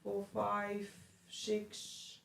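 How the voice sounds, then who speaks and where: Slow-talking co-host in an echoey room. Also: mid-range voice, monotone, gravelly, a bit bright, slight background noise. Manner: brief interjections. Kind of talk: casual live-stream chat.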